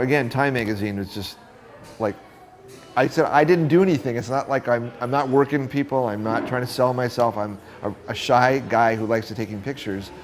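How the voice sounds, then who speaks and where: A middle-aged man, a photographer, telling stories from his career in an interview and acting out the voices of the people he met. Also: on the low side. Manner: animated storyteller acting out quoted voices. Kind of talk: storytelling interview.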